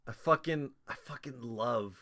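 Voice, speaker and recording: A man's voice: medium pitch, unhurried, sharp tone. A young man co-hosting a podcast, jokey and sarcastic, swearing in casual chat. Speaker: podcast co-host.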